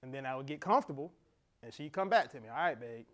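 A middle-aged man, a pastor, preaching an animated sermon with laughter and acted-out dialogue. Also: mid-range voice, fast.

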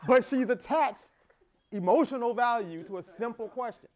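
A middle-aged man, a pastor, preaching an animated sermon with laughter and acted-out dialogue. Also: very high voice, moderate pace.

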